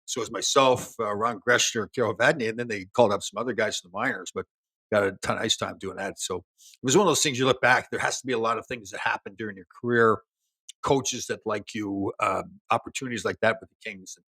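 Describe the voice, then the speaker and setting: A man in his sixties, a former hockey player, telling lively stories as a guest in an interview. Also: lowish voice, quick pace, husky, no room sound. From Canada. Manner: animated storyteller, laughs, many restarts. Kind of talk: casual storytelling interview.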